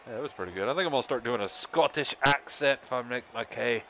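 A man's voice: mid-range voice, a little fast, hardly any pauses, slight background noise, poor audio. Joking man narrating a wrestling game. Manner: joking, excitable, reads and comments aloud. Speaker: gaming channel host. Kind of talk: casual let's-play commentary.

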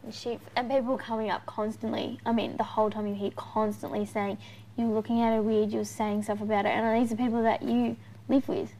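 A woman's voice: fairly high pitch, level tone, fairly quick, mellow, low-quality recording. A woman, a reality show housemate, talking in an earnest, persuasive way.

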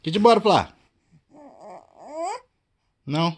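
A young father coaxing his baby to crawl, playful and teasing, dipping low and jumping into high baby talk. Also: expressive, slow pace.

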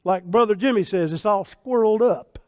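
A man in his sixties preaching a sermon as pastor, folksy and fervent, swinging from hushed talk to shouts. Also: high voice, moderate pace, no echo. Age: 60s.

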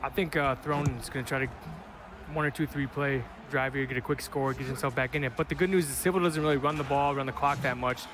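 A man with a Wisconsin accent giving casual, excitable commentary on a football video game match. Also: mid-range voice, fast, background noise. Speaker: esports commentator.

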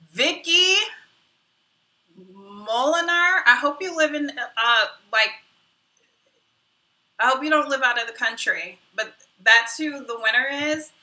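A woman's voice: fairly high pitch, bright, forceful tone. A woman hosting her own live stream in casual chat, self-deprecating and muttering asides to herself. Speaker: YouTube host. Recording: roomy echo, mic at a distance.

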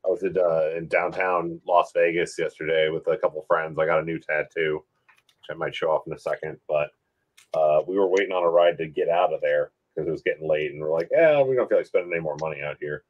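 A man's voice: extremely low pitch, fairly even intonation, fairly quick, lo-fi sound. A man chatting casually as a livestream guest over a video call, telling laid-back stories. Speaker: stream guest. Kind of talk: casual chat.

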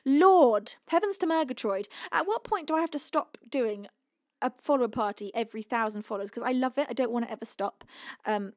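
A woman's voice: fairly high pitch, a little fast, a little mellow, no room sound, clean studio sound. A woman hosting a live music stream, chatting casually and effusively thanking her viewers. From United Kingdom. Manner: effusive, affectionate.

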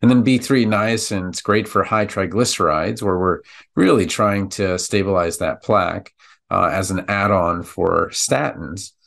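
Guy with a low gravelly voice, laid-back podcast lesson, lots of uhs. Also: a little slow. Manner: relaxed, chatty, with many fillers. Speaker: pharmacist podcast host. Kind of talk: narrated slide lesson.

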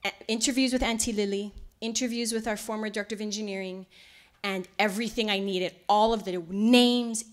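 A woman giving a lecture, telling stories in an animated way and acting out the voices of people she quotes. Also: mid-range voice, a little fast. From Hawaii. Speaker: lecture presenter. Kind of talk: storytelling lecture.

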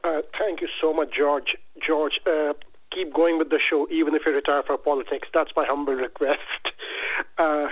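Earnest male caller, higher pitch, phone-line sound. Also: steady tone, moderate pace, slightly rough. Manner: earnest, questioning. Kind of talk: phone-in call.

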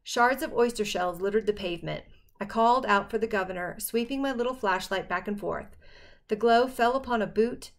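Woman narrating a novel aloud. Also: medium pitch. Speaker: audiobook narrator. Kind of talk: first-person novel narration.

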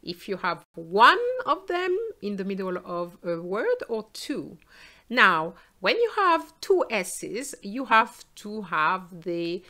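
Woman teaching sounds, takes it real slow, says each word twice. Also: mid-range voice, big pitch swings, pushed and bright. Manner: slow, careful, repeats words for learners. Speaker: French teacher. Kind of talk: pronunciation lesson.

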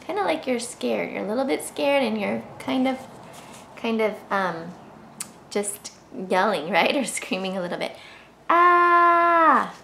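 A woman's voice: medium pitch, moderate pace, gravelly. A woman teaching a children's reading lesson, sounding out letters in a sing-song, encouraging way. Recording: echoey room with faint hiss.

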